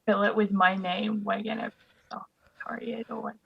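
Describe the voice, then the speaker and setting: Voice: medium pitch, level tone, moderate pace, gravelly, slightly rough, lo-fi sound. A player speaking brashly in character at a tabletop game, provoking and swearing.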